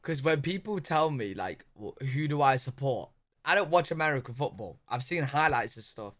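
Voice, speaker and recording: A man's voice: medium pitch, expressive, moderate pace, fairly bright tone, no room sound, clean studio sound. A young British man talking casually as he reacts to a video, laid-back and chatty. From Britain. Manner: laid-back, chatty, says "bro" a lot. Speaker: reaction streamer.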